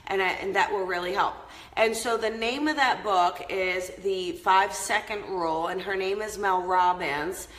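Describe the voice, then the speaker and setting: The host of a live inspirational show chats casually with her viewers on a live stream, upbeat and laughing often. Her medium-pitched voice is a bit bright, captured in an echoey room on a low-quality recording.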